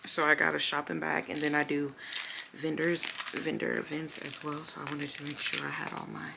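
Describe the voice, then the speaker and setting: A woman vlogging on her phone in a casual, animated way, calling her viewers girl, honey and y'all. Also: fairly low pitch, moderate pace, gravelly. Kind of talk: casual vlog chat. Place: in a car and at home. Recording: loud background noise.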